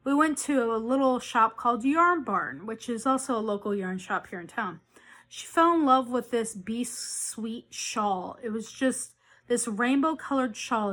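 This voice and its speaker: A woman with a somewhat high voice hosts a homemade knitting podcast. She chats casually, rambling from one thought to the next. She often breaks off and restarts her sentences. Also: bright, forceful tone. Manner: rambling, chatty, with frequent restarts and self-corrections. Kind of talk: casual chat.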